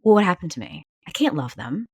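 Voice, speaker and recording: A low-pitched woman talks slowly through her feelings, stopping and restarting as she searches for words. She sounds close to tears. The recording is dry and close, with no room sound. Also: very animated, vocal fry, darkish tone, husky, dry recording. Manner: halting, searching, many restarts. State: near tears. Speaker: podcast host and counselor. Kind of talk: reflective therapy conversation.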